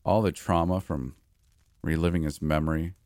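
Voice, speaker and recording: A man narrating a scary story in the first person, in a steady, measured reading voice. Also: a bass voice, no room sound, clean studio sound. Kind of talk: scripted horror story narration.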